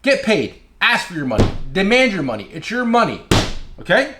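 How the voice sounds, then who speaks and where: A man's voice: high-pitched, huge pitch swings, moderate pace, background noise. A man who is an independent tool dealer, giving blunt casual advice, repeating his key phrases.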